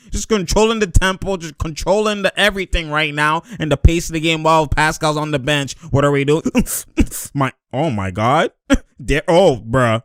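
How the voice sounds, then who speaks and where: A young man giving excited, animated commentary over basketball highlights, laughing often and shouting at the plays. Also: normal speed, clean tone, no echo, studio quality.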